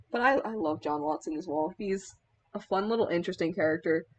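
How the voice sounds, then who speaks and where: A woman's voice: fairly low pitch, slight background noise. A young woman chatting casually in a vlog while styling a cosplay wig, rambling with many filler words and laughing mid-sentence.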